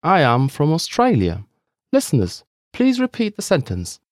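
A man's voice: a little high, huge pitch swings, moderate pace, no room sound, studio quality. A man co-hosting a scripted language lesson, upbeat and encouraging toward listeners.

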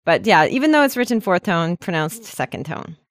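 Chatty woman teaching, lively dry voice. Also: lowish voice, brisk, dry recording. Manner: chatty, explains patiently, laughs often. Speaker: language lesson co-host. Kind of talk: casual podcast lesson.

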